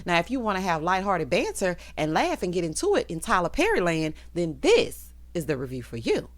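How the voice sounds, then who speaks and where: A woman's voice: lowish voice, wildly swooping pitch, brisk. Female recap host with a sassy, teasing chat and a widely ranging voice. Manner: sassy, teasing, calls listeners honey and child. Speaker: TV episode recap reviewer.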